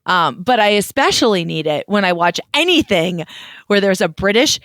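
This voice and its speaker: A woman's voice: mid-range voice, lively intonation, moderate pace, fairly bright tone, no room sound, studio quality. Chatty woman co-host, easy laugh. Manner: chatty, laughs easily, trails off mid-sentence. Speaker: podcast co-host. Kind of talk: casual chat.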